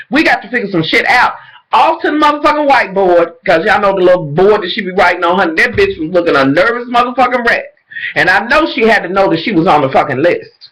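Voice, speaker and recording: A man recapping a TV episode in casual, animated, profane chat, calling his viewers y'all. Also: high voice, fast talker, poor audio.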